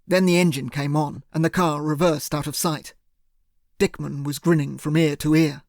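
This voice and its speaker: A man narrating an audiobook in the first person, in a measured, steady way. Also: a little high, dry recording, studio quality.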